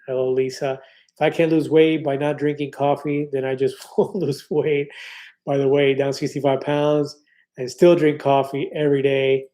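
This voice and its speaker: A man's voice: mid-range voice, little pitch movement, moderate pace, warm tone. A man in his fifties hosting a casual live stream, reading viewer comments aloud in an upbeat, chatty way with many fillers and restarts. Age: 50s.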